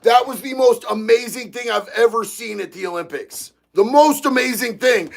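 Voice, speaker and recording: High-voiced, gravelly excitable man. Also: moderate pace, few pauses. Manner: excitable, profane, bursts into shouting. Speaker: livestream host reading chat. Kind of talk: casual livestream chat.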